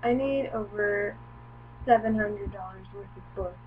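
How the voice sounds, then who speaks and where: A young woman chatting casually in a home video, cooing to her dog now and then in a high voice. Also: unhurried. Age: young adult. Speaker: vlogger. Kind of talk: casual chat. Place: home room. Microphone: laptop webcam mic. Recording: tinny lo-fi webcam audio with hum.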